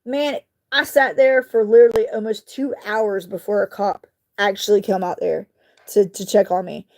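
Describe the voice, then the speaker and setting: A woman, casually telling a story to her viewers while crafting, animated and indignant, with mild swearing. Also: medium pitch, moderate pace. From southeastern United States. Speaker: vlogger.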